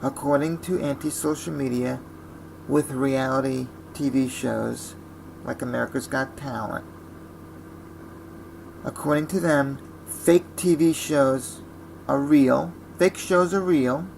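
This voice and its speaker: A man's voice: mid-range voice, steady tone, takes it slowly, creaky, background noise. A man ranting in a blunt, scornful vlog monologue. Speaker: vlogger.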